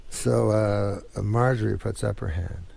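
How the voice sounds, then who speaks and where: Gravelly man telling a rambling story. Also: on the low side, darkish tone. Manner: halting, many fillers, long digressive setups. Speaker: comedian.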